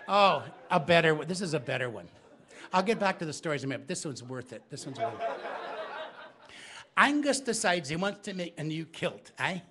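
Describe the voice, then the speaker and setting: A man's voice: on the high side, big pitch swings, fairly quick, a bit bright. A man telling comic stories live to an audience in a bookstore, chatting with the crowd. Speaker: storyteller.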